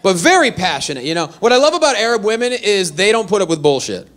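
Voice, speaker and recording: Lively high-voiced man doing stand-up. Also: quick pace. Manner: animated, self-deprecating storytelling. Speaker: stand-up comedian. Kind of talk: stand-up comedy set. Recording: live venue with faint audience.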